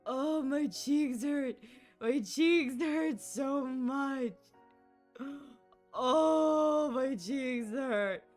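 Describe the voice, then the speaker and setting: A woman's voice: sits high, extremely slow, a little mellow, soft background music. A woman streaming a game, laughing hard and squealing through casual commentary.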